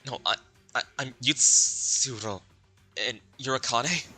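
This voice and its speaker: A man's voice: medium pitch, takes it slowly, sharp tone, husky, soft background music, full character voice. A man reading a panicked young man in a game, frantic, stumbling and insistent.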